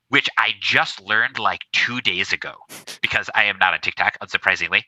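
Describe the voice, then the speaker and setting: A man's voice: on the low side, normal speed, no echo, rough recording. A man co-hosting a podcast, chatting casually and enthusiastically. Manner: enthusiastic and animated. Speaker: podcast co-host. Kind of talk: casual chat.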